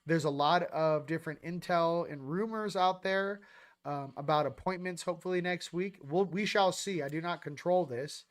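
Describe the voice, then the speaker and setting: Guy doing a casual livestream, kinda high voice, hyped shout-outs to chat. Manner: upbeat, rattling off shout-outs to viewers. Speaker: host.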